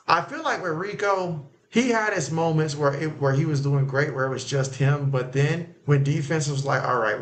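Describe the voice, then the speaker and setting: A man hosting a sports livestream, talking loosely about the game with lots of fillers and reacting to plays as they happen. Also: mid-range voice. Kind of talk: casual live game commentary and chat reading.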